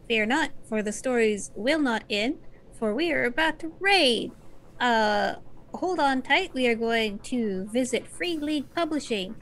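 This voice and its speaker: Woman game storyteller, higher voice, chatty wrap-up with lots of "uh"s. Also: fairly bright tone. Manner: chatty, with frequent "uh" fillers. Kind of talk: casual sign-off of a streamed tabletop game.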